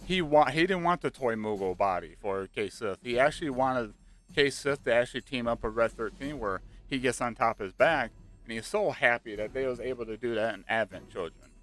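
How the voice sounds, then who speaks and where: A man chatting casually and excitedly about a video game, rambling with lots of fillers. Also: medium pitch, a little fast. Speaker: gaming channel host. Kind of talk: casual speculative chat. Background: faint background music.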